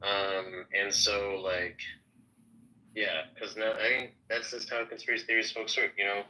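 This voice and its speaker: A man giving a measured take in a political discussion, with many fillers. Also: lowish voice, little pitch movement, sharp tone, poor audio.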